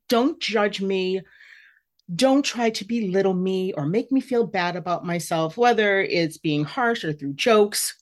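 A woman hosting her own podcast, talking candidly and emotionally about her feelings. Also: mid-range voice. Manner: candid, emotional, self-reflective. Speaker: podcast host. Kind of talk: personal podcast monologue.

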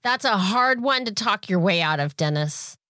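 A woman's voice: mid-range voice, lively intonation, moderate pace, fairly bright tone, dry recording, clean studio sound. A woman co-hosting a podcast, reacting and joking casually. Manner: reactive, jokey, laughs often. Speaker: podcast co-host. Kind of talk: casual chat.

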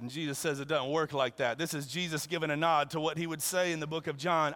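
A male preacher giving an animated, conversational sermon and acting out the dialogue as he goes. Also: a little high, fast, hardly any pauses. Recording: long reverb in a large hall.

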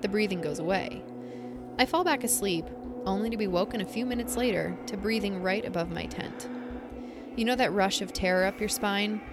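A woman's voice: medium pitch, over loud music. Woman telling a spooky camping story. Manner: animated, halting storytelling with fillers. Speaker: podcast co-host. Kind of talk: casual chat and story reading.

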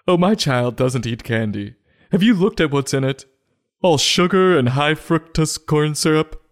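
A fussy, health-obsessed mom, as a man puts her on, prissy and scolding in a raised, higher voice. She sounds a little off-mic. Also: expressive, a little slow. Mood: disapproving. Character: fussy health-obsessed mother, adult woman.

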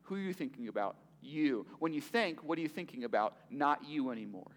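A pastor preaches in a conversational way, leaning on rhetorical questions. His voice sits high for a man and moves with lively swings in pitch. The sound carries a long reverb from a big hall. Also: brisk, slight background noise. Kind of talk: sermon.

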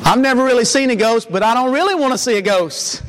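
A man's voice: very high voice, fast talker, a bit bright, a little hiss or hum. A man preaching a sermon in a church, in an earnest, conversational way with frequent restarts.

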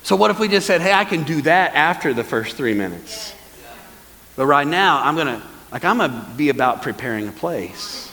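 A man preaching a sermon as pastor, lively and calling on the congregation to answer back. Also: on the high side, normal speed, big-room sound, rough recording. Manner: lively, calls for congregation responses. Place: church hall.

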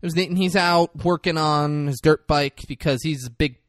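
Profane, animated man recapping a movie. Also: fairly high pitch, dry recording, clean studio sound. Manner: profane, animated retelling with quick quoted asides. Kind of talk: casual movie recap chat.

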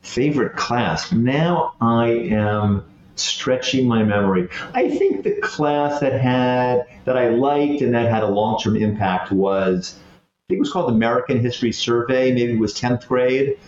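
A man's voice: mid-range voice, unhurried, a little mellow. Man, late fifties, chatty anecdotes, self-deprecating, echoey room, dull audio. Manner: chatty, self-deprecating storyteller with many restarts. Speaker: guest, former head boy. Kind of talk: casual conversation.

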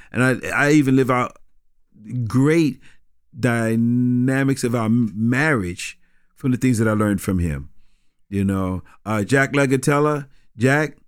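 A pastor, a man, talks through his memories in a relaxed interview. His speech halts and circles back on itself, with frequent laughter. The sound is dry and close, with no room echo. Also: mid-range voice. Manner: halting, repeats words, laughs often. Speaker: pastor and guest. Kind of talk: casual conversational interview.

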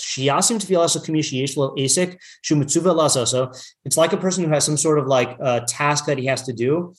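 A man leading a casual text study class, reading passages aloud, translating them and riffing with lots of fillers and restarts. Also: mid-range voice. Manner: chatty, full of fillers, reads Hebrew text then translates. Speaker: Torah teacher.

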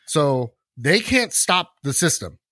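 A man co-hosting a podcast in casual chat, ranting with animated energy, acting out quick voices and laughing often. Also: a little high, no room sound, studio quality. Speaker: podcast co-host.

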